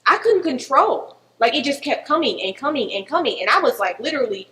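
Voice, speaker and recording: A woman talking earnestly in a group discussion, reflective and slowing on the points that matter to her. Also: high voice, very animated, bright, forceful tone, low-quality recording.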